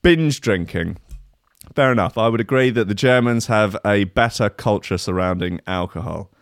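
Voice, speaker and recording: A man's voice: fairly low pitch, normal speed, no room sound, clean studio sound. An English man, a young adult, giving casual sarcastic commentary and swearing as he reads out a list. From England. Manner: sarcastic, swearing, laughs at own jokes.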